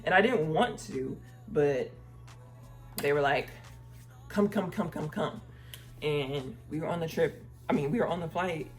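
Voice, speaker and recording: A woman telling a casual story time vlog, acting out the people she quotes and speaking in a relaxed, chatty way. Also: sits low, measured pace, pauses often, faint music behind. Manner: uses "y'all" and "girl" casually. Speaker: travel vlogger.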